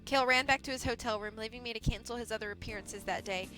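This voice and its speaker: Expressive woman streamer narrating a visual novel, bright and a touch high. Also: quick pace, faint music behind. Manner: expressive, playful reading. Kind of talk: reading a visual novel aloud.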